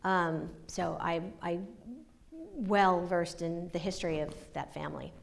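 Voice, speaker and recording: A woman, telling lively stories as a guest in an onstage conversation. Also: lowish voice, a little slow, creaky. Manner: animated, laughing storyteller. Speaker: guest author. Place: university auditorium.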